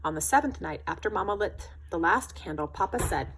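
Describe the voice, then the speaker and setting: Husky-voiced woman reading a children's story. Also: fairly low pitch, expressive, fairly quick, a bit bright. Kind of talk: storybook read-aloud.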